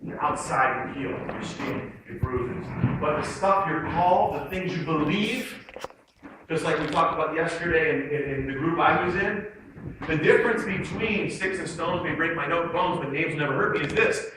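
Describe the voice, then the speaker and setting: A man giving a lively motivational talk to students, leading them through call-and-response exercises. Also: on the high side, normal speed. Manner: energetic, leads audience in call-and-response exercises. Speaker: motivational speaker. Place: large hall with student audience. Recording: echoey hall from far off, noisy.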